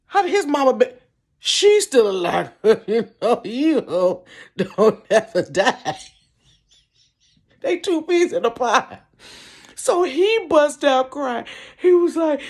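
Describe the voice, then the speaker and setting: High woman vlogger, animated storyteller, laughs through her lines, bedroom recording. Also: slow. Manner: animated, laughing, big swings in pitch. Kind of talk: storytime vlog.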